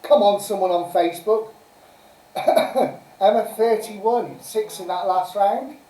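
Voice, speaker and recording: A woman hosting a homespun online quiz night, chatting away and giggling between answers. Her voice is mellow and sits in an echoey room, picked up from a distance by the mic. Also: mid-range voice, slow pace. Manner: chatty, giggly, reads answers and scores aloud. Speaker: quiz host. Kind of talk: casual live-stream pub quiz. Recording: roomy sound from a distant mic.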